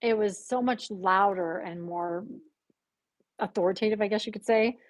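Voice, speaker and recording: A woman guest on a podcast telling a personal story in conversation, animated and acting out the voices she quotes with gasps. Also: mid-range voice, moderate pace, dry recording.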